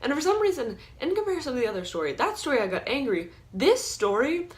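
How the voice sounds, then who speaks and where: A woman's voice: high voice, very animated, fast. A young adult woman telling stories in a casual vlog, chatty and full of "like", often breaking into laughter. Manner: chatty, filler-heavy with frequent "like". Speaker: vlogger. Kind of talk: storytime vlog, casual storytelling.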